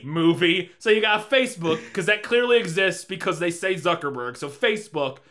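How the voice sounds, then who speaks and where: A man with a bright, forceful voice chats casually about a bad film. He rambles, swears and laughs as he goes, and his voice sits a little high. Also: moderate pace, hardly any pauses. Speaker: podcast co-host. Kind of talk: casual movie review chat.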